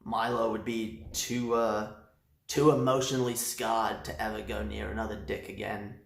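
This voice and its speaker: A man's voice: lowish voice, level tone, normal speed, creaky. A man streaming live, rambling in a crude casual rant with many fillers. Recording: roomy echoey room.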